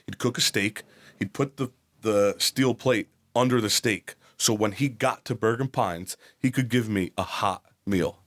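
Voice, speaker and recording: Podcast guest: a man in his forties from New Jersey, low-pitched, blunt and profane. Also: measured pace. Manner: blunt, profane, acts out quoted voices. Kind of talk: candid personal storytelling.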